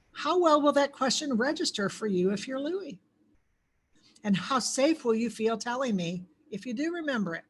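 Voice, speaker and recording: A woman's voice: a little high, big pitch swings, a little slow, slightly rough. Woman lecturing with many ums. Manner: asks the audience questions, many filler ums. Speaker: clinical crisis trainer. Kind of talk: conversational training lecture.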